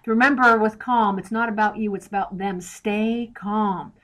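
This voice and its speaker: Woman, podcast guest, direct, explanatory, mid-pitched voice. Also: steady tone, unhurried, fairly bright tone. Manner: direct, explanatory, lists steps plainly. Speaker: interview guest, author. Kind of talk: podcast interview.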